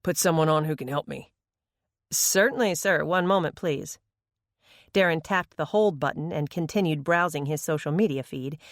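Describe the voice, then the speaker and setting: A woman narrating a mystery audiobook in an even, measured read. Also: sits low, no echo, studio quality.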